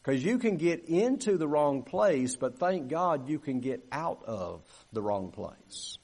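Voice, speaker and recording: Guy preaching in church, chatty, keeps asking for amens, pitch a bit high. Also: big pitch swings, takes it slowly, a little mellow, breathy edge. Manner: conversational, calls for amens, acts out quoted grumbling. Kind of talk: sermon. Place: church sanctuary.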